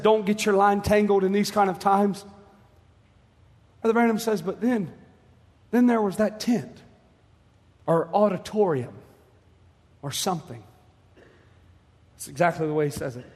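A man preaching a sermon with passion, moving from quiet, hushed passages to shouted ones. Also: sits high, long reverb tail.

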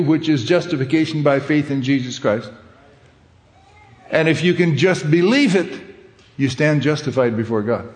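A man's voice: a little high, a little mellow. A man preaching a sermon, reading scripture aloud and then explaining it in an earnest, plain-spoken way. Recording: echoey hall with long reverb.

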